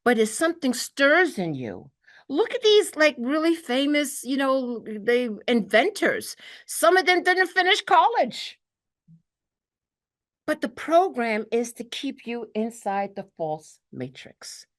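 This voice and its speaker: A woman's voice: a little high, big pitch swings, measured pace. A woman from New York with a Brooklyn accent, giving an earnest spiritual talk to a group and often checking in with "okay". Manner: earnest, peppers talk with "okay", acts out quotes. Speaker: spiritual teacher.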